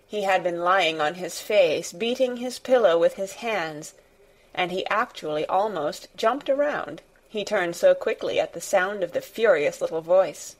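A woman narrating a classic children's storybook in a measured, deliberate way. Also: fairly low pitch, animated. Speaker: reader. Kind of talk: audiobook narration.

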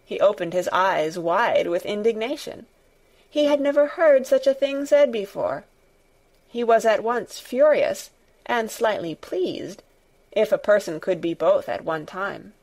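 Slow, measured female storybook narrator. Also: medium pitch, animated, darkish tone. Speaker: audiobook narrator. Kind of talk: scripted narration.

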